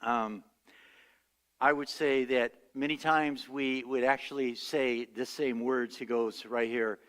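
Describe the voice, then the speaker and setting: A man's voice: medium pitch, fairly even intonation, slow pace, a bit bright, in a large hall. A male pastor preaching a sermon, telling stories and acting out the voices he quotes. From United States. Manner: storytelling, acts out quoted voices. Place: church sanctuary.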